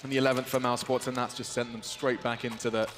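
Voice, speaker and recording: A man giving live play-by-play commentary as an esports caster, wry and quick, rising to loud shouts on big plays. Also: mid-range voice, level tone, noisy background. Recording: game gunfire and clicks behind.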